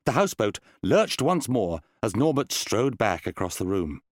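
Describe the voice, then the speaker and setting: A man reading a children's fantasy story aloud in an expressive, storytelling way. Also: fairly low pitch, moderate pace, hardly any pauses, no echo. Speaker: narrator. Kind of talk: audiobook reading. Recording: dry close studio sound.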